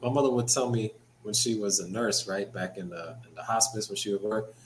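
A man with a fairly low voice talks on a podcast. He is relaxed and thoughtful and leans on "you know" as he works through a point. A faint hiss sits behind him. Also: fairly quick, low-quality recording. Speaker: podcast co-host. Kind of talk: casual chat.

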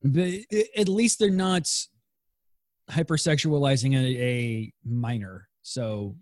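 A man co-hosting a casual podcast, recapping a TV episode with laughter, swearing and quick quoted asides. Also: medium pitch, no echo, studio quality. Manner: animated, laughing, swearing, quoting characters. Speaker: podcast co-host.

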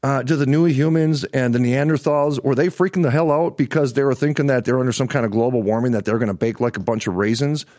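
Speaking fast with hardly any pauses, a middle-aged man in a medium-pitched, slightly mellow voice hosts a livestream political show and rants in anger. He curses and repeats himself for emphasis; the sound is clean studio audio with no echo.

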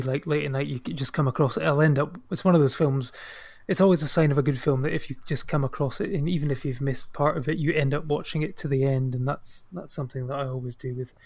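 A man's voice: fairly high pitch, a little mellow. A Scottish man co-hosting a podcast, chatting casually about films in a loose, rambling way full of fillers. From Scotland. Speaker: podcast co-host. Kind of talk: casual film chat.

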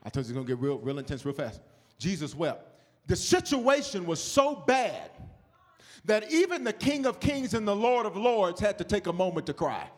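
Male pastor, sermon delivery, high voice, shouts then drops to a hush. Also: sing-song, moderate pace. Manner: swings from shouted preaching to low hushed storytelling.

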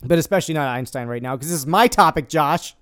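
A man's voice: a little high, fast talker, fairly bright tone. A young man hosting a casual podcast, sarcastic and rambling, swearing freely as he debunks quotes. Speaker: podcast host.

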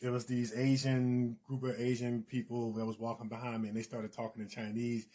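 A middle-aged man co-hosts a casual talk show. He tells his stories in a relaxed, easygoing way, with a chuckle never far off. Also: medium pitch, fairly quick. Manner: relaxed storytelling, laughs easily. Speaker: co-host. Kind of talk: casual chat.

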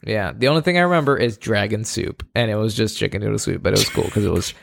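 A man's voice: on the low side, quick pace, creaky, slight background noise. A man co-hosting a podcast, chatting casually, upbeat and joking as he plugs the show. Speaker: podcast co-host.

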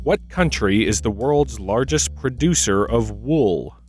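Male trivia co-host, animated and jokey, with a very expressive pitch. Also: measured pace, soft background music. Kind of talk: reading trivia questions and casual banter.

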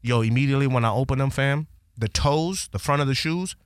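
A man hosting a podcast, animated and profane as he retells a story in casual slang. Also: mid-range voice, fairly quick, dry recording, clean studio sound.

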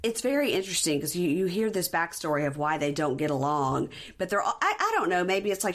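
Woman co-host with a low voice, relaxed and joking banter. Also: a little fast, few pauses. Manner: laid-back, agreeable, joking. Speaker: podcast co-host. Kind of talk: casual chat.

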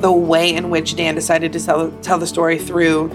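A woman being interviewed as an actor and singer, telling stories in a lively, emotional way. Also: sits low, normal speed, over music. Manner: animated, emotional, acts out quotes. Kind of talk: casual storytelling interview.

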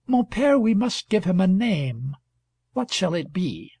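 A man's voice: high voice, very animated, slow, darkish tone, breathy edge, dry recording, full character voice. A man voicing an eager, affectionate young woman in a storybook reading, speaking in a raised, tender voice. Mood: delighted.

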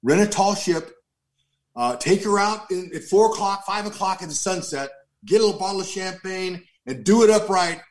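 A man's voice: sits high, expressive, moderate pace. A man voicing a ballplayer teammate in a told story, giving offhand, joking advice. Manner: offhand, wisecracking.

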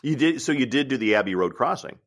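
A man who hosts a radio show, chatting in a relaxed way and trading stories with his guest. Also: medium pitch, quick pace. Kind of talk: casual interview chat.

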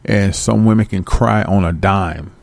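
A man giving casual, profane life advice to his viewers, acting out both sides of phone calls in slangy, animated bits. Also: low-pitched, measured pace, vocal fry, no echo. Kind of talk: casual direct-to-camera rant.

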